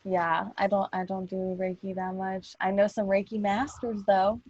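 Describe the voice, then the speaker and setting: A woman's voice: mid-range voice, little pitch movement, moderate pace, a little mellow. A woman hosting a podcast, chatting casually and laughing often. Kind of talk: casual chat. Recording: dull, dry lo-fi audio.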